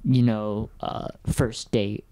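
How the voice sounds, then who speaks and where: A man's voice: lowish voice, steady tone, slow, warm tone. Chatty male podcast host, casual review. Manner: rambling, filler-heavy, chatty.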